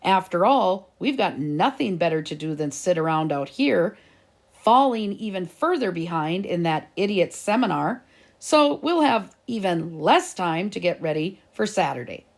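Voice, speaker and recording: A woman's voice: fairly low pitch, animated, unhurried. A woman reading aloud and voicing a stubborn, argumentative schoolboy in a storybook. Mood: arguing. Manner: indignant, argumentative. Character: boastful scheming schoolboy, stubborn and dramatic.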